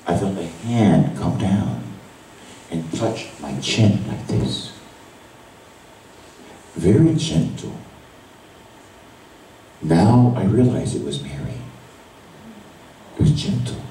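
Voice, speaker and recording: A man, a priest, giving an emotional sermon that drops to a hush and rises to cries. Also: low voice, big pitch swings, takes it slowly, long pauses, slight background noise. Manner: emotional testimony, voice swinging from hushed to cries. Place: large church at a retreat Mass. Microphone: far camera recording. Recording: echoey church from far off.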